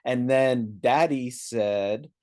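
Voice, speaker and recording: A man, a teen coach co-hosting a podcast, telling a personal story in a halting, dry, self-mocking way with lots of fillers. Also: mid-range voice, a little mellow. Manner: halting, many fillers, dry understated humor. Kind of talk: casual chat, personal storytelling.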